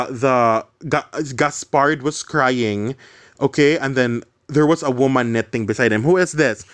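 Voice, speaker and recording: A man's voice: mid-range voice, fairly bright tone. A man reading a classic novel aloud and explaining it casually to students, slipping in Cebuano words. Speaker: literature teacher.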